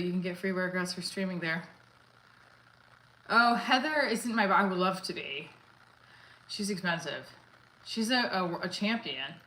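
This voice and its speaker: A woman comedian with a bright, pushed mid-range voice live-streams her workout, out of breath as she chats casually with viewers. She reads their comments, answers them, and counts her reps aloud. The recording is rough, in an echoey room.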